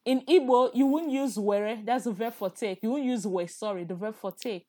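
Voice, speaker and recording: A woman's voice: on the high side, moderate pace, a little mellow. A woman, teaching in a casual language lesson and patiently repeating words for the learner.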